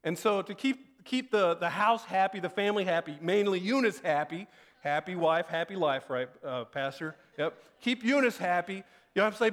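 A man with a high voice preaching in a relaxed, chatty way. He tells a story about his family and jumps even higher when he acts out the voices in it. He sounds like a pastor in his thirties. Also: normal speed. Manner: conversational storytelling, acts out quoted lines with rising pitch. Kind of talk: sermon.

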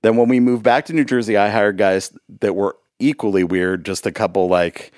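A man's voice: on the low side, steady tone, normal speed, a little mellow, dry recording, studio quality. A man, a musician guest on a podcast, telling a rambling story in casual chat with frequent laughs.

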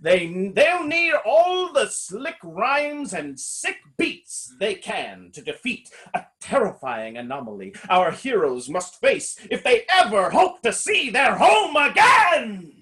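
A man, speaking with a bright, ringing tone and high pitch. His delivery swings widely, booming like a trailer announcer. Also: very animated, takes it slowly, few pauses. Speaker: podcast co-host, game master. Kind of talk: casual chat; announcer-voice trailer read.

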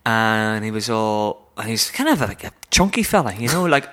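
A man's voice: lowish voice, sing-song, normal speed, fairly bright tone. Man telling a story on a podcast. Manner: storytelling, self-deprecating. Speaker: podcast co-host. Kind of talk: casual chat.

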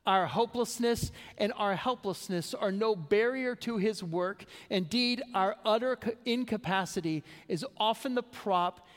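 A male pastor preaching an earnest sermon, stumbling into restarts and dropping to a hush on heavy words. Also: high voice, measured pace, hardly any pauses, in a large hall.

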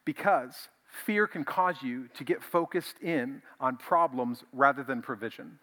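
A male pastor preaching a conversational, animated sermon, often repeating himself as he builds a point. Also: mid-range voice, a little slow.

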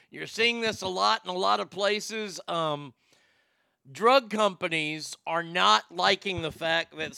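Gravelly, bright-voiced male talk host. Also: high voice, no echo. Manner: rambling, stammering, crude joking asides. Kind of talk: casual news commentary.

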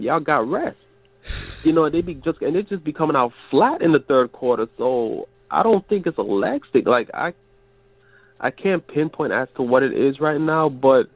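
A man's voice: on the high side, no echo. Sick nasal man on a tinny phone. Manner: frustrated, rambling analysis with many restarts. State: sick, stuffy nose. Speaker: regular co-host calling in. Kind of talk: casual sports talk. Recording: dry tinny phone line.

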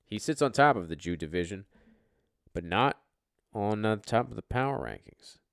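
A man hosting a casual podcast, his low voice swinging up and down with lively energy. He is brash and jokey and swears freely. The sound is close and dry, with no room around it. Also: moderate pace, vocal fry, no echo. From US East Coast. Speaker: podcast host and league commissioner. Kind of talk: casual, profane commentary.

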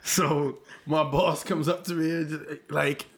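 A man's voice: a little high, flat delivery, slow. A man co-hosting a casual chat, laughing as he mocks the small talk of coworkers and his boss. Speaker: podcast co-host.

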